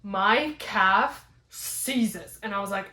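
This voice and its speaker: A young woman telling a rambling, animated story in a casual vlog, full of "like" fillers. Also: medium pitch, slow. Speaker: fitness vlogger. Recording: roomy echo.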